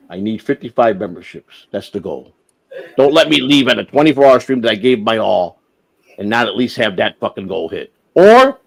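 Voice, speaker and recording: A man hosting a livestream, ranting with heavy swearing, flaring loud and then dropping to a mutter. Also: medium pitch, low-quality recording. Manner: profane, heated, swings from shouting to muttering. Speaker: livestream host. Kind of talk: unscripted livestream rant.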